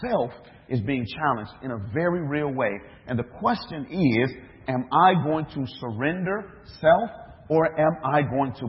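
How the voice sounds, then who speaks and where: A minister preaches to his congregation, telling his story and voicing its dialogue, then turning it into questions for the listeners. His voice rings out in a hall with long reverb. The recording is dull and muffled. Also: on the high side. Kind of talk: sermon.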